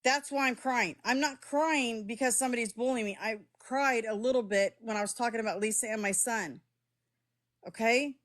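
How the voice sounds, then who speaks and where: Middle-aged woman streamer with a slightly high voice, defensive and blunt with chat, cursing freely. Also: moderate pace, a bit bright. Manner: heated, defensive, swears, talks straight to chat. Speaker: live streamer. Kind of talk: live-stream chat with viewers.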